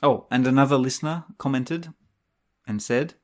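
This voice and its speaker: A man co-hosting a teaching podcast in casual, jokey banter, quick to laugh. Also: medium pitch, a little mellow. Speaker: podcast co-host, English teacher.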